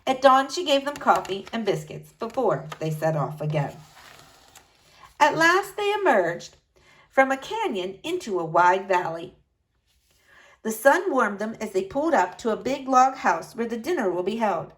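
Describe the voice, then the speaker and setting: A woman narrating a storybook aloud in an expressive, dramatic way. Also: on the high side, unhurried.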